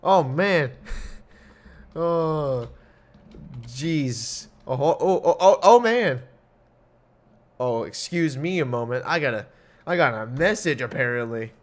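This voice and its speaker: A man's voice: mid-range voice, expressive, takes it slowly, pauses often. A young man hosting a casual solo podcast, rambling and swearing with jokes, coughing now and then. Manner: rambling, profane, jokey. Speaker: podcast host.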